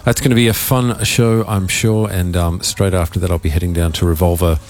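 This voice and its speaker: Australian male radio DJ with a croaky, very low voice, loose, joking, filler-heavy chat. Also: fairly even intonation, brisk, a little mellow. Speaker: radio host and DJ. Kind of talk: casual live radio talk. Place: radio studio.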